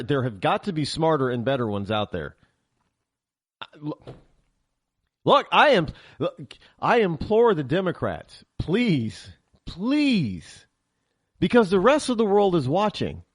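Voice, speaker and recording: Guy on a talk show going off, high voice swinging up and down, stumbles over his words. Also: no room sound, studio quality. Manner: heated ranting with many restarts and stammers. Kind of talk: political talk show monologue.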